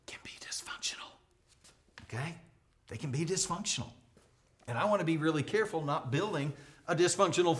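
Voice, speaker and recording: A middle-aged man from the United States teaches a leadership lesson in an energetic, emphatic way. His pitch is middle for a man, and his voice jumps up when he stresses a point or acts out a quoted speaker. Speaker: leadership trainer.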